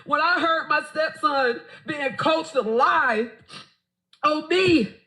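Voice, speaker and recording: Very high, bright upset woman. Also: takes it slowly, low-quality recording. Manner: upset, exasperated, swearing. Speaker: wife in a viral video. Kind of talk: emotional confession to camera.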